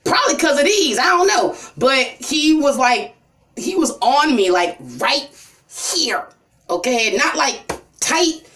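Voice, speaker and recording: A woman's voice: big pitch swings, slow pace, a bit bright. A woman telling a personal story in a rambling, emotional vlog, full of "you know" and "like". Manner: voice drops low and cries near the end. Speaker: vlogger.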